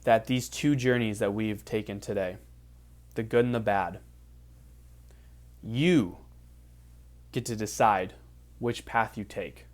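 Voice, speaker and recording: A man leading a guided visualization as a motivational speaker, emphatic and repetitive, rising to excited peaks. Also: fairly low pitch. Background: faint background music.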